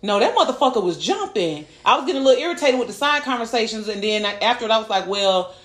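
A woman's voice: a little high, big pitch swings, fast talker, fairly bright tone, reverberant. A woman co-hosting a podcast in casual chat, recounting events in a profane, reactive way. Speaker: podcast co-host.

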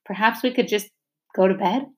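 A woman voicing a calm, polite older woman caretaker who speaks gently. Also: mid-range voice, moderate pace, lightly acted.

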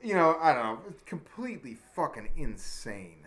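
A man casually telling a wild story with lots of profanity, acting out the shouting cops along the way. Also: a little high, very animated, moderate pace.

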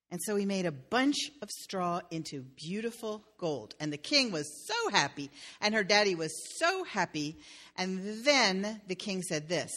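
A woman pastor retells a fairy tale as a sermon, with playful asides. Her voice is bright and clear, at a middling pitch for a woman. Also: big pitch swings, measured pace.

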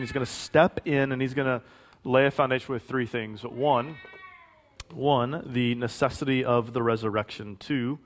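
Man, 40s, mid-pitched; pastor preaching in a relaxed conversational way with frequent restarts. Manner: conversational, repeats words and self-corrects, varies volume for emphasis. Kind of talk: sermon.

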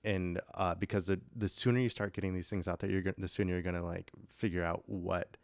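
Brief: male podcast co-host, deep fry-heavy voice, dry sound, easygoing chat. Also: fast talker, dry recording. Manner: relaxed, agreeable, trailing off into fillers. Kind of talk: casual chat.

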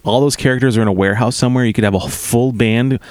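A man co-hosting a casual comedy chat, riffing on jokes in quick bursts and laughing often. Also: medium pitch, fairly even intonation, a little mellow, no room sound. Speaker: podcast co-host.

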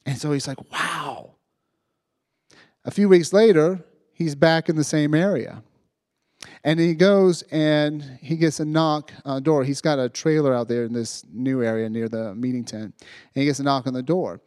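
A man preaching to young people, retelling a story with lively asides and checking in with "right?" as he goes. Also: fairly high pitch, normal speed, smooth, no echo, clean studio sound. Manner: animated retelling, acting out voices, frequent "right?". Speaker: youth preacher. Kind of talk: storytelling sermon.

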